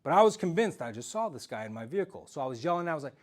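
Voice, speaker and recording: A man telling a story in an animated, self-mocking way during a talk to a live audience. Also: a little high, very fast, few pauses. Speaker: speaker giving a self-defense talk.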